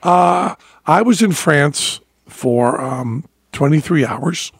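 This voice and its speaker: Speaking slowly and expressively, this man hosts a podcast in a relaxed, joking chat, frequently laughing and putting on an exaggerated French accent. His voice is on the high side and slightly rough, and there's no echo.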